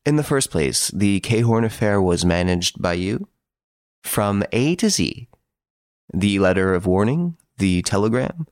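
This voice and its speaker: A man doing a slow, earnest police detective. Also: on the low side, lively intonation, darkish tone, no echo, clean studio sound. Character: serious, patient middle-aged police detective. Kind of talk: audiobook character reading.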